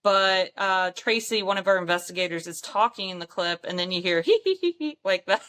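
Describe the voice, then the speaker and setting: Woman guest, bright tone, chatty, lots of ums and laughs. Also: fairly low pitch, fairly even intonation, moderate pace. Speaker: paranormal investigator, guest. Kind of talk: casual storytelling chat.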